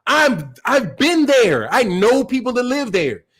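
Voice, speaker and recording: Very high-pitched and sing-song, his slightly bright voice carries a breathy edge and a measured pace. This Chicago-accented man hosts a live boxing stream, rambling through a casual, profane rant with frequent laughs.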